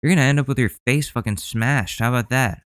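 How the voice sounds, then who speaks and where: A male podcast host working himself into a heated, profane rant. His voice is smooth and resonant at a mid pitch, recorded dry and close. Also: fast, fairly bright tone, no echo. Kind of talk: podcast commentary.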